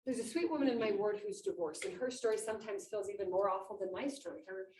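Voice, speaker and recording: A woman giving an inspirational talk at a conference, animated and acting out quotes, in a meeting room with about twenty people. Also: mid-range voice, quick pace. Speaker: conference speaker. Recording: echoey room, mic far off, faint noise.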